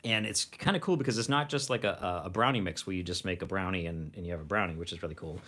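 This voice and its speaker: A man's voice: sits low, fast talker, pushed and bright. A man hosting a casual livestream from home, rambling along with frequent restarts. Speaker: host of a food review channel.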